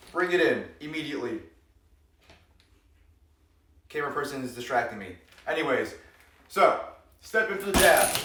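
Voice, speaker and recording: A man teaching self-defense moves in a joking vlog, calling out strikes as he demonstrates them. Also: on the high side. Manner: playful, demonstrates moves while explaining, cracks jokes; energetic, calls out strikes during demonstrations. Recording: roomy, distant mic, noisy.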